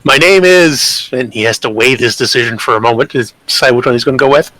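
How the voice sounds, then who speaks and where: Bright-voiced male tabletop player. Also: mid-range voice, steady tone, very fast, no room sound, rough recording. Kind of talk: playing a tabletop game in character.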